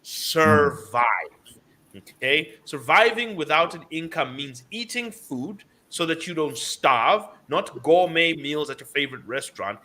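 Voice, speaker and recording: A man lectures listeners on money with insistent emphasis, hammering home single words. His voice is sharp and forceful, pitched a little high for a man. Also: animated, normal speed. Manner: emphatic, lecturing, repeats key words for stress. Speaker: financial commentator. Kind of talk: radio financial advice talk.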